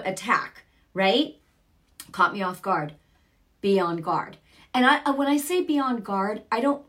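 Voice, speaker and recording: A woman's voice: mid-range voice, fairly bright tone. A middle-aged woman preaching informally on a broadcast, earnest and chatty, with sudden bursts of emphasis. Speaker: Christian broadcaster.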